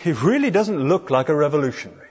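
A man's voice: on the high side, very animated, fast. A man preaching an expository sermon, talking conversationally and putting rhetorical questions to his listeners. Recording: dull recording in a reverberant hall.

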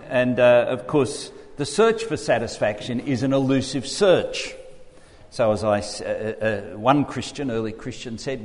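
A man's voice: medium pitch, a little mellow. A man with an Australian accent, preaching a sermon and reading scripture aloud as he teaches through the text. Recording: echoey hall with long reverb.

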